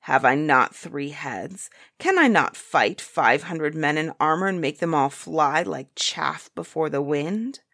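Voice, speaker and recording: A woman voicing a boastful, cowardly three-headed male giant in a storybook reading, booming and blustering. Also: lively intonation, unhurried, hardly any pauses, fairly bright tone, no room sound, clean studio sound, heavily acted.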